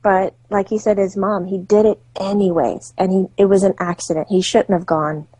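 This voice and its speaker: A woman tells a story in a husky, mellow voice, recorded close and dry. She is animated and narrates vividly. She laughs often and slips into the voices of the people she describes. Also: medium pitch, moderate pace, dry recording. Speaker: psychic medium and author, interview guest.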